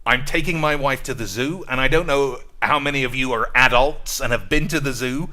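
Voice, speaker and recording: Whiny begging male streamer, pleading tone, bright timbre, a man doing the impression. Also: mid-range voice, brisk, close to an everyday voice. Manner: whining, pleading, then ranting.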